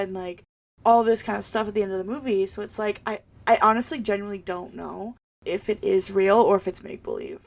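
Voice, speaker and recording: Young woman, podcast co-host, casual chat, blunt and candid, wry jokes, medium pitch. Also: steady tone, brisk. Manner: blunt, candid opinions with a joking edge.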